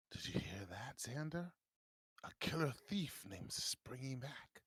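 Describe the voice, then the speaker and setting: A man playing a husky, boastful adventurer. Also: medium pitch, sing-song, drawn-out words, a bit bright, no room sound, pitched above the performer's own voice, heavily acted, rough recording. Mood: astonished. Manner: dramatic, half-whispered storytelling. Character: boastful adventurer, protective of his belongings.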